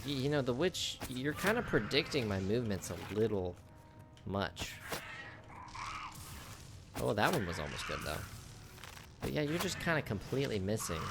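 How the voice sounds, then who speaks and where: A man's voice: on the low side, creaky, noisy background. A man chatting casually through a video game, joking with the enemies he fights. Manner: chatty, jokes with on-screen enemies. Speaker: gameplay streamer. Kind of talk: casual gameplay commentary.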